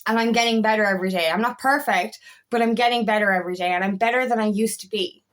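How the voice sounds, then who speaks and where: Woman in her thirties, life coach, casual monologue, blunt and sweary, fairly high voice. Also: fast talker, fairly bright tone. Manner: frank, swears freely, repeats herself. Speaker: feminine empowerment coach.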